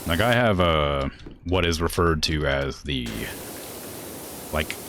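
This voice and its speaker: A man's voice: rumbling low, takes it slowly, fairly bright tone, slight background noise. A man with a northwestern US accent, chatting casually as a game streamer, rambling with many fillers and laughing asides. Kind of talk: casual stream chat while gaming.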